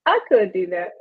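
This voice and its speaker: Laid-back woman chatting, husky voice, muffled lo-fi call audio. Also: lowish voice. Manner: laid-back, laughing, lots of fillers. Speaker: panel guest. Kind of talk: casual panel chat.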